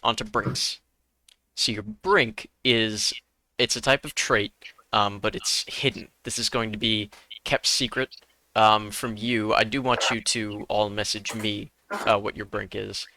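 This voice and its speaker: Bright-voiced man running the game. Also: fairly low pitch, steady tone, no room sound. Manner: brisk, encouraging, reads rules aloud. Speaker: game master. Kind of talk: running a tabletop horror game, reading rules.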